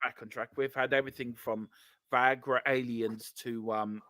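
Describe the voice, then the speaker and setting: A man co-hosting a relaxed fan podcast, cracking jokes as he reads out listener comments. His voice sits in a middle pitch and sounds close and dry, with no room around it. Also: normal speed, no room sound. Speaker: podcast co-host. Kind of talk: casual fan podcast chat.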